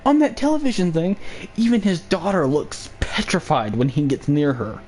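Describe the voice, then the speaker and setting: A man's voice: on the high side, expressive, normal speed, a little mellow, slight background noise. A man hosting a live online broadcast, rambling through mocking commentary in a sarcastic, chatty way and laughing at his own jokes. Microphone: home microphone.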